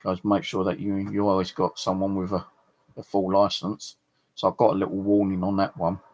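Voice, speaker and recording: Man, middle-aged, southeast English accent, gravelly voice, rambling, swears a lot, chatty storytelling. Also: deep voice, little pitch movement, a little fast, darkish tone. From southeast England. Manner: rambling, swears freely, many fillers. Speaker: channel host. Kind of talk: casual storytelling to camera.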